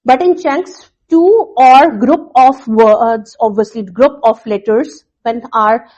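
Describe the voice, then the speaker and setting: Slow high-voiced woman teaching a lesson. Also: darkish tone, highs cut off. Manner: slow, repetitive explaining with fillers. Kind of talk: recorded classroom lesson.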